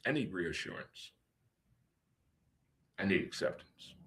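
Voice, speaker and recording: A man hosting a casual talk radio show, joking and animated, swinging between loud outbursts and low muttering. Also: slow pace. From St. Louis.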